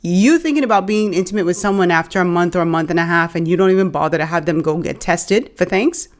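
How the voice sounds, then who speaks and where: A woman's voice: fairly low pitch, fast talker. Woman co-host questioning her viewers. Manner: questioning, addresses viewers directly. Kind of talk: reaction commentary.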